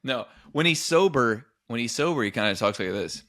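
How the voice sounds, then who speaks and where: A man in his forties co-hosting a comedy podcast, telling stories in an animated way. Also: mid-range voice, a little fast, no room sound, clean studio sound. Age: 40s. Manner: animated storyteller, jumps into voices. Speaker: podcast co-host. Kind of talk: casual comedy chat.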